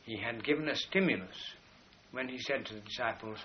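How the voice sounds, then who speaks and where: A man's voice: mid-range voice, brisk. A man giving a rambling philosophical lecture, pointing to drawings as he explains. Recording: dull lo-fi recording with faint hiss.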